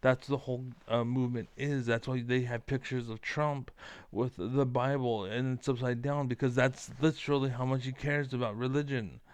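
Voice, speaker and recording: A man rants straight to camera, combative and profane, looping back on himself with lots of fillers. His voice is smooth and clear at a middling pitch. The sound is close and dry, with no room echo. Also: steady tone, moderate pace. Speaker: online commentator. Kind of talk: ranting monologue to camera.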